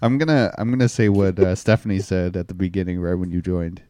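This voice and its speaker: A man's voice: sits low, steady tone, fast talker, mellow, no echo, clean studio sound. A man co-hosting a radio show, joking and teasing. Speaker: radio co-host. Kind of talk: casual radio banter.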